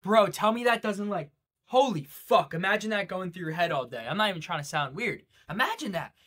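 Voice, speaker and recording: A young man with a bright, sharp-edged voice rants at his viewers in a blunt, preachy way. His talk is loaded with slang and swearing, pushing them to drop their excuses. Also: sits high, brisk. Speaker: day-trading vlogger. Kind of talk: motivational rant to camera.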